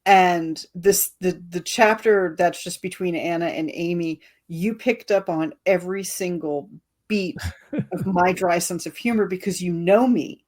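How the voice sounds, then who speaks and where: A woman's voice: on the low side, unhurried, a little mellow. A woman author chatting casually about her book, laughing often and talking with dry humor. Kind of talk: casual chat.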